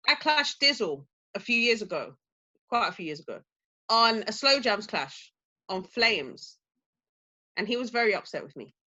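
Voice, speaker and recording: A woman's voice: mid-range voice, big pitch swings, normal speed, sharp tone, muffled recording. A woman DJ guest in casual podcast chat, talking emphatically and laughing easily.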